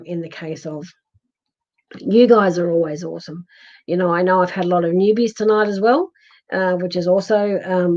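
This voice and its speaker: In lo-fi sound, a mid-range, slightly dark female voice belongs to an Australian psychic medium hosting a livestream. She chats reassuringly while reading comments from viewers, stumbling into ums and restarting often.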